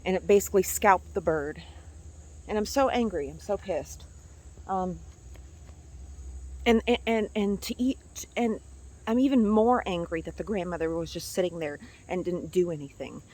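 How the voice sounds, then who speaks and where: A woman's voice: on the low side, moderate pace, long pauses, a little mellow. A woman vlogging about something that upset her, angry and emotional, swearing and repeating herself, outside near her house. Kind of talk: emotional personal vlog.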